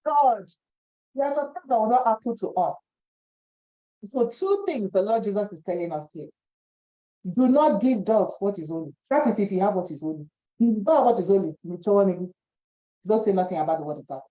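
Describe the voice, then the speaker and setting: A woman giving a devotional Bible teaching, animated, repeating phrases and acting out quoted voices. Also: mid-range voice, fairly quick. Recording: dull lo-fi recording.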